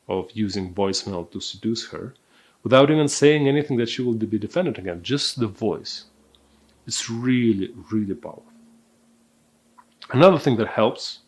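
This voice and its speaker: A man teaching a recorded dating course, speaking in a calm, deliberate, measured way. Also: fairly low pitch. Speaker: dating coach.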